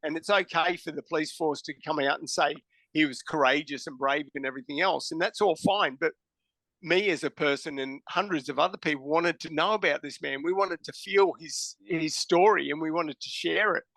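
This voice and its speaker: Aussie guy, gravelly and bright, swears a lot, dry close sound. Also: fairly high pitch, normal speed, dry recording. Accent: Australian. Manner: blunt, swears freely, acts out dialogue. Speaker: podcast guest. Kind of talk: casual storytelling.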